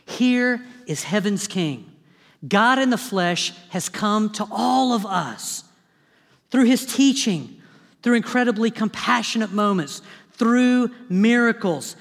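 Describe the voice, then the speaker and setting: Slow and high-pitched, a male pastor preaches a lively, dramatic sermon laced with humor. The church sanctuary gives it a big-room sound.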